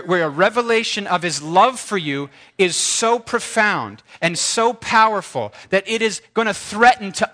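A man preaching a sermon, shifting between playful ironic warnings and rising, exclaimed highs, with hushed asides in between.

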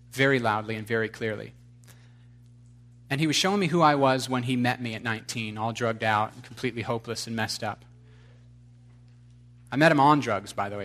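Impassioned preaching man, loud to hushed. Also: medium pitch. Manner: impassioned preaching, swings from loud exhortation to quiet confession; conversational storytelling with fillers. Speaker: pastor. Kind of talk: sermon.

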